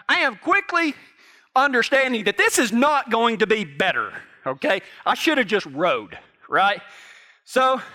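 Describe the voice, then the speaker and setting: High, bright-voiced storytelling preacher. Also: male voice. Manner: folksy storytelling, jokes with the congregation. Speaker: pastor. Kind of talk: sermon.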